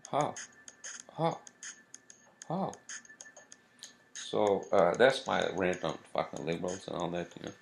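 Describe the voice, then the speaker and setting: Deep gravelly man ranting and swearing. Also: fairly even intonation, moderate pace, hardly any pauses, slight background noise. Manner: swears constantly, rambling with many fillers. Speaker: vlog host. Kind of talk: profane casual rant.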